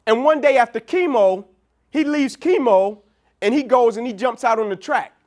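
A man's voice: very high-pitched, moderate pace. A man giving a motivational keynote speech, telling stories and acting out what people said. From Atlanta, USA. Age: young adult. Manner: storytelling, animated, quoting people in dialogue. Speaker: keynote speaker. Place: large event venue.

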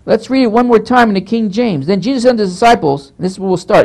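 A man's voice: high-pitched, fast, vocal fry, hardly any pauses, darkish tone. A male pastor giving a Bible teaching lecture, emphatic and scolding, who often repeats phrases as he works through the text.

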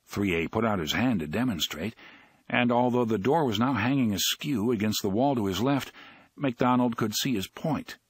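A man reading a novel aloud as an audiobook narrator, in an expressive, dramatic way. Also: mid-range voice, normal speed, husky, dry recording.

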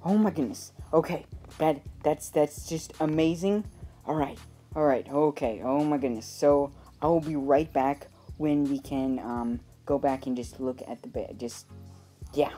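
A man giving live play-by-play commentary on his own mobile game, eagerly talking to himself and repeating quick exclamations. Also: fairly high pitch, fairly even intonation, warm tone, soft background music.

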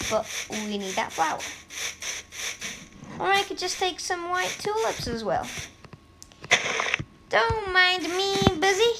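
A woman giving casual, playful commentary on her own gameplay and chatting to the animals in the game. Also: high voice. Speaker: gameplay video creator. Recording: loud background noise.

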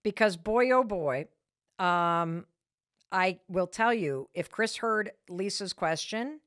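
A woman in her fifties hosting a podcast, telling a personal story in an emphatic, self-deprecating way with quick bursts of speech. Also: medium pitch, a bit bright, dry recording, clean studio sound. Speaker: podcast host.

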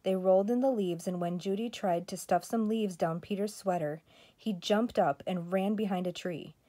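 Mellow older woman reading a story. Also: mid-range voice, normal speed. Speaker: grandmother reading to grandchildren. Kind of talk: children's story read-aloud.

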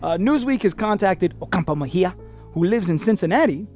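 Creaky high-pitched man riffing profanely. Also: brisk, music in the background. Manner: profane, animated, puts on voices when quoting people. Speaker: podcast host. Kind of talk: comedic headline reading and riffing.

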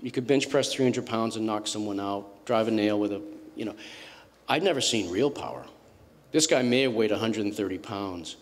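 A man in his fifties tells stories to an audience in an animated way, stopping and restarting mid-sentence. He has a mid-range voice, and a long hall reverb trails behind it. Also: medium pitch, normal speed, a little hiss or hum. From Massachusetts. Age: 50s. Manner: animated anecdotal storytelling, restarts. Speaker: author speaking at a book event. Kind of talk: storytelling talk to an audience.

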